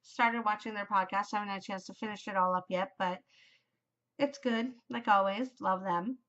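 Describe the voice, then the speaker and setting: A woman's voice: mid-range voice, steady tone, normal speed, a bit bright, highs cut off. A woman in her forties hosting a knitting podcast, chatting casually and gushing, rambling with lots of fillers. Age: 40s. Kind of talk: casual chat.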